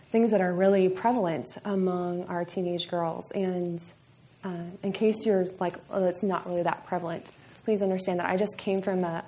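A woman speaks to a church gathering in a loose, chatty way, laughing at herself as she talks. She holds a small handheld mic in a hall. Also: lowish voice. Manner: chatty, laughing, self-deprecating. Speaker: conference speaker. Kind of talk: casual talk to a church audience.

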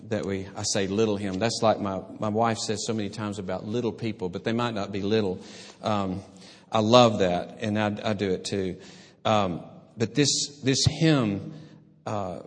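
A man preaching a sermon as a pastor, earnest and halting, with frequent restarts and fillers. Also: lowish voice. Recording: long reverb of a hall.

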